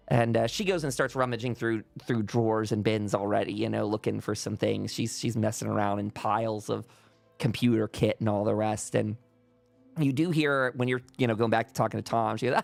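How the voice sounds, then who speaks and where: A man's voice: lowish voice, fairly even intonation, moderate pace, gravelly, no echo, faint music behind. A man narrating a tabletop game as game master, rambling along with many restarts.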